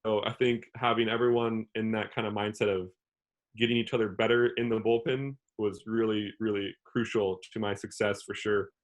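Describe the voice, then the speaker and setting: Young man, lowish voice, rambling casually. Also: flat delivery, moderate pace. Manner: rambling, heavy use of "like" as filler. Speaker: relief pitcher, interview guest. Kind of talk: casual interview talk.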